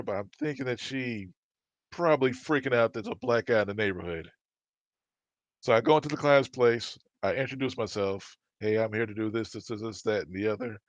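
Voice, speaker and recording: A man casually telling work stories on a podcast, acting out the people he quotes with lively voices. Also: medium pitch, dry recording. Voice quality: animated, acts out quoted dialogue. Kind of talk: casual storytelling chat. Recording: dry, dull lo-fi sound.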